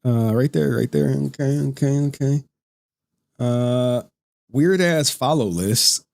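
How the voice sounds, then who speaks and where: A man's voice: mid-range voice, slow pace, gravelly, a little mellow, no room sound, studio quality. A man giving mocking live-stream commentary, laughing often and swearing as he taunts his target. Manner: calls people "dog".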